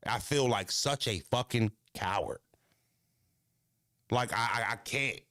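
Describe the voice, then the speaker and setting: A man's voice: medium pitch, takes it slowly, no room sound. Male podcast host, blunt and profane rant, mid-range voice, close and dry. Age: adult. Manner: blunt, profane, animated, stuttering restarts.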